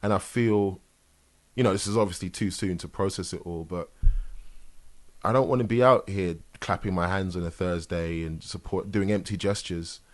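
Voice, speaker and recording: A male interview host with a lowish voice. He speaks softly and reflectively, and his lines often sink to a murmur. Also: fairly even intonation, moderate pace. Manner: soft-spoken, reflective, drops to a murmur. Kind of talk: casual video-call interview.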